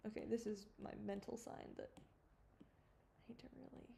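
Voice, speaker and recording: A woman's voice: a little high, fairly even intonation, moderate pace, vocal fry, dark tone, a little hiss or hum. A woman animator chatting casually on a livestream while she works, rambling, giggling and swearing freely. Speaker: animator livestreaming her work. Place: home studio at a computer.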